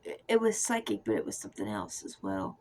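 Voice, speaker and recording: A young woman giving a soft, confessional personal testimony that often drifts into a whisper. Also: extremely low pitch, wildly swooping pitch, brisk, low-quality recording. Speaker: Christian testimony speaker.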